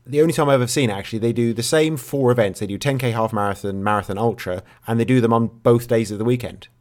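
A man co-hosting a podcast, telling a story with dry, deadpan humour in a relaxed, rambling way. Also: mid-range voice, quick pace. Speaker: podcast co-host. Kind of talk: casual chat.

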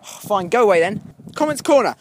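A man's voice: sits high, expressive, normal speed. A young man co-hosting a comedic podcast outdoors, arguing insistently and playfully with his co-host. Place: outdoors beside a forest, football crowd and trains nearby. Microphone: shared handheld mic. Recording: outdoor recording with noticeable background noise.

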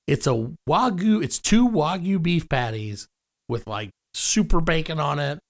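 A man's voice: on the high side, animated, unhurried. A young man hosting a podcast, joking and rambling in casual banter. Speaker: podcast host.

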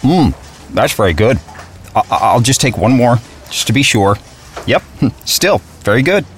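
An actor playing a greedy shopper in a radio ad who keeps sneaking free samples, sheepish and savoring each bite. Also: male voice, mid-range voice, big pitch swings, normal speed, close to an everyday voice. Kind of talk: radio ad acting.

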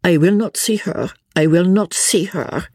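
A woman's voice: fairly low pitch, measured pace, a little mellow, dry recording, studio quality, voice pushed up. A woman voicing a stiff, haughty older aristocratic mother who speaks in a rigid, peremptory way in an audiobook. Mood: cold. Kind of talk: audiobook reading.

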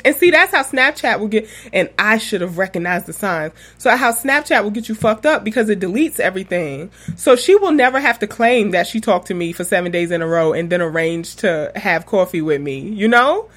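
A woman's voice: medium pitch, expressive, moderate pace, fairly bright tone. Young woman, podcast host, casual monologue, rambling, candid, profane, laughs often.

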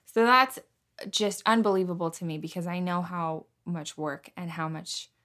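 Woman host, lowish voice, animated and admiring, conversational interview. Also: moderate pace. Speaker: podcast host.

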